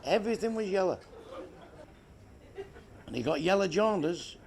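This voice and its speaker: Comedian guy, high voice, crude sweary jokes, blunt punchlines, noisy live recording. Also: lively intonation, normal speed, vocal fry, darkish tone. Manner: crude, profane joke-telling with blunt punchlines. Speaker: stand-up comedian. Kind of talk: stand-up comedy routine. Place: club stage before a laughing audience.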